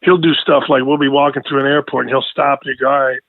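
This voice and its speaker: A middle-aged man and radio host, talking as a guest on a podcast. He tells stories in a lively way, laughs often and repeats his words as he talks. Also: mid-range voice, fast talker, gravelly, dry recording. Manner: animated storytelling, laughs a lot, repeats words. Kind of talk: casual podcast conversation. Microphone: phone line. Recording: thin phone line.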